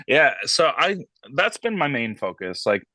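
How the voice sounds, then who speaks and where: A man's voice: a little high, a little slow, no room sound. A man who fronts a metal band, chatting casually as an interview guest, swearing freely and acting out voices as he tells stories. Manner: animated storyteller, swears freely, acts out quoted voices.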